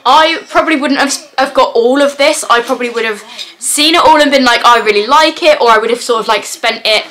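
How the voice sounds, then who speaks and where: A woman's voice: high-pitched, fairly quick, a bit bright, rough recording. A young woman chatting casually to camera at home, rambling with lots of "like". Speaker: vlogger, mum. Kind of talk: casual vlog chat to camera. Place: at home, indoors.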